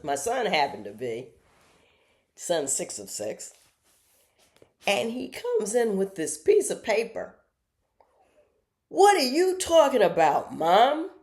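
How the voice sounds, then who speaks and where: A middle-aged woman with a strikingly deep voice tells stories from home in a casual monologue. Her pitch swings widely as she acts out the other people in them. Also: a little mellow. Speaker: host.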